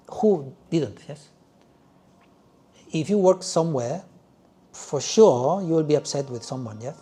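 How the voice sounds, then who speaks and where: Animated male yoga teacher, mellow voice. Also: fairly high pitch. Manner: animated, checks in with frequent "yes?"; loose, halting phrasing with restarts. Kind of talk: teaching a class.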